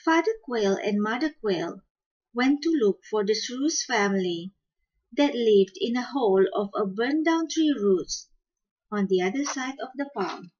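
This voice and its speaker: A woman narrates a folk fable as storyteller host, slowly and expressively. Her fairly high voice has a lively melody and a breathy texture. The recording sounds dull and lo-fi. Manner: slow, expressive fable telling.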